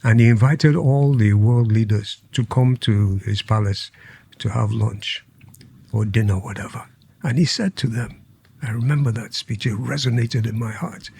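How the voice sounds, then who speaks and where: A man's voice: mid-range voice, moderate pace, creaky, breathy edge. An older man from Nigeria with a Nigerian accent, a podcast guest telling stories, acting out quotes and laughing often. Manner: animated anecdotes, acts out quotes, laughs often. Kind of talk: casual storytelling interview.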